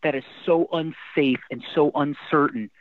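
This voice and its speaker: A middle-aged man, a guest musician telling stories in a casual interview, animated and emotional, often restarting his sentences. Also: a little high, a little slow, dry recording. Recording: dry tinny phone-like line.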